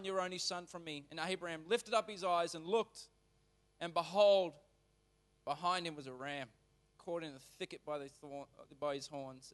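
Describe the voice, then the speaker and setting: During a church sermon, a male pastor with a fairly high voice alternates between reading scripture and speaking in a loose, animated way. His volume frequently shifts suddenly from loud to quiet and back.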